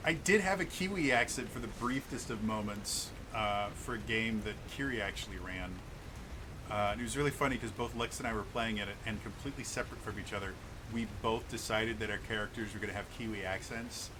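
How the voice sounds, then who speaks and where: A man narrating a tabletop game as game master, halting often and repeating words. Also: on the low side. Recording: noisy home mic.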